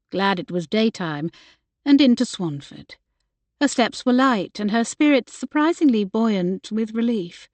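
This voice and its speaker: A woman reading an audiobook with measured, even storytelling, close to a studio mic. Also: medium pitch, dry recording. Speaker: audiobook narrator. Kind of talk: scripted narration.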